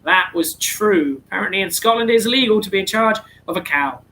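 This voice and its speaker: Bright high-voiced man hosting. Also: expressive, fast talker, rough recording. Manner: chatty, slightly flustered, self-correcting. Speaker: quiz host. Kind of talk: online charity quiz, reading answers.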